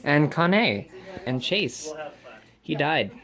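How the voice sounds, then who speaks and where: A man's voice: fairly high pitch, sing-song, drawn-out words, creaky, fairly bright tone. Offhand man rambling at the beach. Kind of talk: casual vlog chat.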